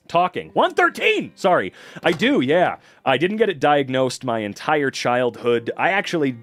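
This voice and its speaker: Brief: young guy streamer, lively swinging pitch, casual and sweary, faint music behind. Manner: excitable, swears a lot, laughs often, reacts to chat. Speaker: livestreamer. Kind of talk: casual livestream chat.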